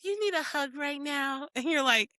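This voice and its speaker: A woman's voice: high voice, normal speed, bright, forceful tone, dry recording. A woman hosting a podcast in casual chat, laughing often and acting out her own reactions as quotes. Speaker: podcast host.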